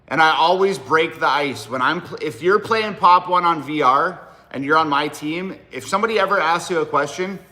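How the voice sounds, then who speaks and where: A man's voice: fairly high pitch, lively intonation, normal speed, pushed and bright. A man in his thirties hosting a casual livestream, talking in a blunt, profane and rambling way to his viewers. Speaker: livestream host and rapper.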